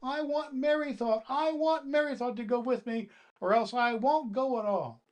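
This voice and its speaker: A homesick little doll, played by a man reading aloud, pleads and wails in a high, thin voice. She is stubborn and tearful, the way a storybook toy might sound. Her voice rides far above his normal register. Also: normal speed. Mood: sobbing, pleading.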